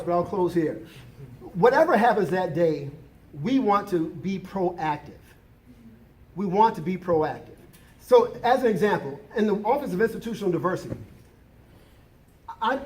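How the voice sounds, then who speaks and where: Emphatic man with a high voice. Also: darkish tone. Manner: emphatic, repeats key points, restarts often. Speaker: college diversity administrator. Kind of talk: impassioned remarks at a campus forum.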